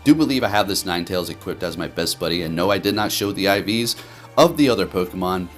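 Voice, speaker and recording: A man giving animated, profane commentary over his own gameplay as a game video host. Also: sits low, fast, faint music behind.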